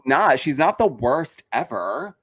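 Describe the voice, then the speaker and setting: A young man joins a casual reality-show recap, animated and playfully mocking. His voice sits at an ordinary middle pitch and moves with quick, teasing energy. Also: slight background noise. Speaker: guest.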